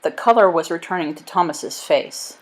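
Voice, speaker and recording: Woman reading a storybook, slightly low voice. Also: moderate pace, poor audio. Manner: steady, expressive reading. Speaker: narrator. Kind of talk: storybook read-aloud.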